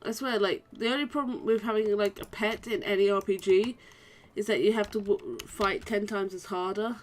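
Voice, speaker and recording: A woman's voice: medium pitch, fairly even intonation, moderate pace, slight background noise. A young woman casually commentating as she plays a role-playing game, chatty and rambling, with many restarts. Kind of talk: casual let's-play commentary.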